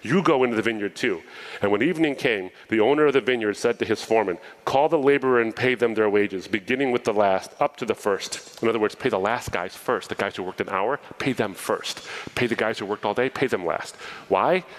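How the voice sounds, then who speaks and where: Man preaching a lively sermon. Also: on the low side, a little fast, poor audio. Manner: animated storytelling, reading scripture with asides.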